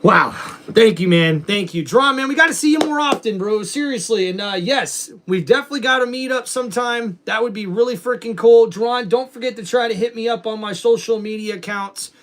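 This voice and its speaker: A man's voice: extremely high pitch, a little fast, few pauses, fairly bright tone. A man hosting a live stream, chatting casually with viewers in a slangy way and calling wrestling play-by-play. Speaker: livestream host.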